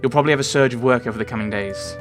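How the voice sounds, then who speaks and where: A man's voice: mid-range voice, racing, over music, lightly acted. A man voicing a sly male fox private investigator in a visual novel, speaking in a theatrical, mock-formal way.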